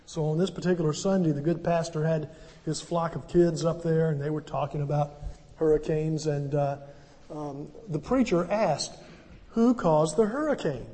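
A man's voice: on the high side, normal speed, warm tone, in a large hall. An older man, a pastor, preaching a sermon and telling stories with conversational asides. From southern United States. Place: church sanctuary.

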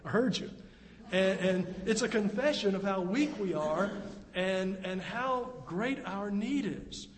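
A man's voice: high-pitched, slow. A middle-aged male pastor preaching an earnest, conversational sermon in a church. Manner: earnest, conversational preaching with dramatic acted quotes. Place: church sanctuary. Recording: long reverb of a church hall.

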